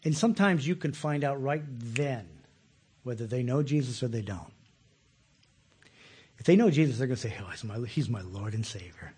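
A pastor delivers a conversational sermon in a husky, medium-pitched voice at normal speed, laughing often and staying animated. He repeats words as he begins sentences and leaves long pauses.

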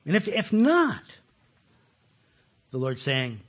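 Male pastor, husky voice with big swings in pitch, chatty sermon delivery that acts out its quotes. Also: slow. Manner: animated, acts out quoted voices, asks the listeners questions. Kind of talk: conversational sermon.

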